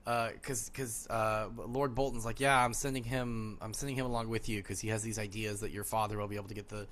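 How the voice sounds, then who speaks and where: Sarcastic podcast guy, bright punchy voice, riffing and mocking the characters. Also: lowish voice, little pitch movement, brisk. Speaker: podcast co-host. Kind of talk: casual book discussion chat.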